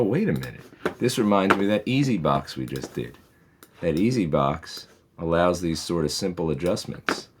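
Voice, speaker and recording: Very deep-voiced man teaching physics slowly. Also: slight background noise. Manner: patient, methodical explaining with reassuring asides. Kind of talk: recorded lesson walking through problems.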